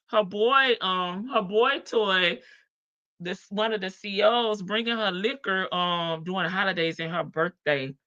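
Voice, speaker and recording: A woman's voice: medium pitch, pushed and bright, highs cut off. A woman hosting a livestream, reacting with chatty, teasing asides. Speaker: livestream host.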